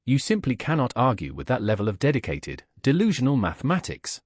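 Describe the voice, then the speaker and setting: A man's voice: mid-range voice, wildly swooping pitch, fairly quick, dry recording, clean studio sound. A man narrating scripted anecdotes in a wry storytelling manner.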